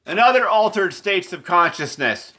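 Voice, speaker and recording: A man rambling through an unscripted explanation of his drawings, repeating and correcting himself as he goes, often sinking low and quiet at the ends of phrases. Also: expressive, normal speed, background noise. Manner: meandering, repetitive, self-correcting.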